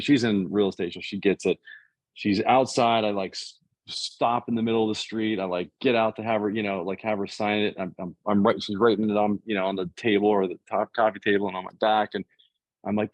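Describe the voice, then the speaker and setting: A man in his fifties from the US East Coast, telling a business story in casual, animated chat and acting out what other people said. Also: on the low side, no room sound. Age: 50s. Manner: animated, fast, acts out other people's quotes. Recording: dull, dry, lo-fi sound.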